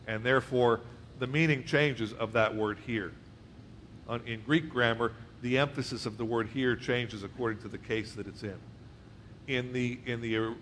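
A man's voice: mid-range voice, fairly bright tone, a little hiss or hum. A man preaching to a congregation, reading scripture aloud and explaining it conversationally, often asking his listeners questions. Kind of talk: verse-by-verse Bible teaching.

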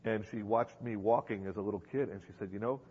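A husky, fairly low-pitched preacher talks fast in a steady tone to his congregation in a church hall. His sermon is emphatic, with repeated phrases and rhetorical questions, and it's captured as a dull lo-fi recording in a reverberant space.

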